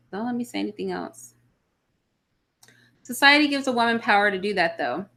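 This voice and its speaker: This livestream host, an adult mother of children, responds to chat comments with blunt opinions during a casual session. Her fairly high voice carries a bright, forceful tone.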